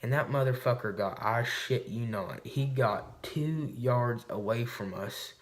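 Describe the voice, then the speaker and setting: A man's voice: mid-range voice, unhurried. A man vlogging to camera, telling a hunting story in a rambling, swearing, casual way. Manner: rambling and profane, recounting a hunt.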